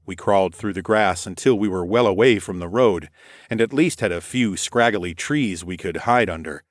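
A man narrating a first-person adventure audiobook in a steady, measured way. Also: deep voice, no room sound, clean studio sound.

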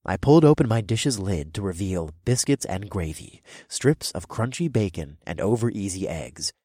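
A man narrates a first-person fantasy audiobook with wry, expressive delivery. His voice is deep and husky, and his pitch rises and falls freely. The recording is close and completely dry. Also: normal speed, no room sound.

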